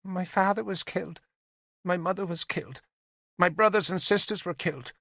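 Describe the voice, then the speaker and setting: A man voicing a frightened nine-year-old peasant girl who speaks in a small, quiet voice. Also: high-pitched, normal speed, gravelly, no echo, clean studio sound, pitched above the performer's own voice, exaggerated voice. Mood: tearful. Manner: small, quiet, rehearsed speech.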